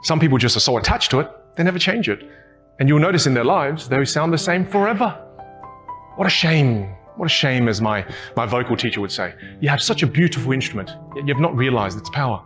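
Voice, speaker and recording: A young man coaching communication in an interview, animated and theatrical, demonstrating with his voice. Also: medium pitch, fast, faint music behind. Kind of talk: podcast interview, demonstrative teaching.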